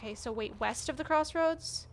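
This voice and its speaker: A woman's voice: high-pitched, normal speed, a little hiss or hum. A young woman streaming a game, panicking, swearing and reading game text aloud. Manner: excitable, panicky outbursts and swearing. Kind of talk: casual gameplay commentary.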